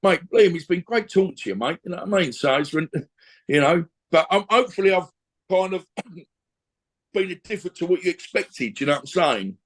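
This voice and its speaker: A man's voice: high-pitched, animated, brisk. An older man, a former boxer telling a blunt, emotional story on a video call, restarting his sentences often. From England. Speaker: interview guest, former boxer.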